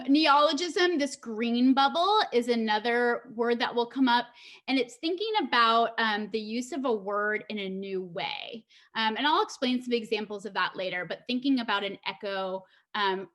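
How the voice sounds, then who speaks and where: A woman gives an online presentation over a video call. She talks in a conversational way, with frequent ums, and her voice sits a little high. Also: a bit bright. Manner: conversational, many filler ums.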